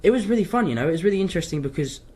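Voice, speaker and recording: A man's voice: high-pitched, animated, very fast, darkish tone, breathy edge. A young man with an English accent, from London, answering fan questions in a casual live Q&A and rambling off track as he chats. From London, England. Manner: rambling, chatty, wanders off track.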